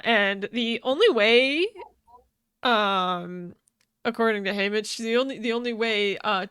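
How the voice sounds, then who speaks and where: A woman's voice: a little high, pushed and bright, smooth, no echo, studio quality. A young woman co-hosting a casual podcast, recapping a book with frequent laughs, casual swearing and many ums. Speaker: podcast co-host.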